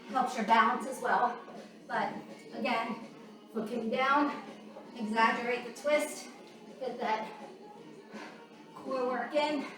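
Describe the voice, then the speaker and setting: Breathless woman instructor, high voice, slow delivery, calling moves mid-exercise; far from the mic in an echoey space with background music. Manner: counts down and cues moves while working out. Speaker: fitness instructor. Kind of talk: workout coaching while exercising.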